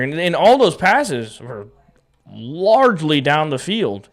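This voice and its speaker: Upbeat joking man, fairly high voice. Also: big pitch swings, slow pace. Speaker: podcast co-host. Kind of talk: casual sports chat.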